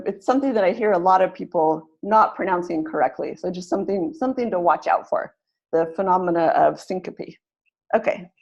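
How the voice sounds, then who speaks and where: A woman leading an online teaching webinar, explaining pronunciation slowly and modeling words syllable by syllable. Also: mid-range voice, darkish tone, highs cut off.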